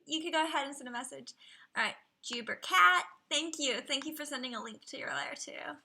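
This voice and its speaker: A woman with a high, bright voice chats through a live stream in an upbeat, playful way. She fills the stream with eager, friendly commentary and sometimes drops into a soft whisper. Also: fairly quick, gravelly. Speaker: streamer reviewing viewers' dragons. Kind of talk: casual live-stream chat.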